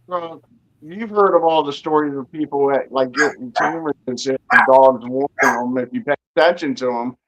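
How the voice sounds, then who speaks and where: A man co-hosting a casual podcast chat, joking and animated, quick to laugh at himself. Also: medium pitch, low-quality recording. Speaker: podcast co-host.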